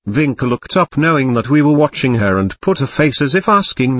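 Husky man reading a story aloud. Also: mid-range voice, sing-song, fairly quick, fairly bright tone, no room sound. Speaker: audiobook narrator. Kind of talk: scripted narration.

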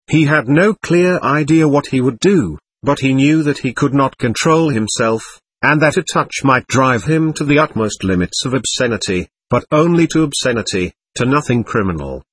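A man reading a classic novel aloud as an audiobook narrator, with expressive storytelling. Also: medium pitch, husky, dry recording. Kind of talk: scripted narration.

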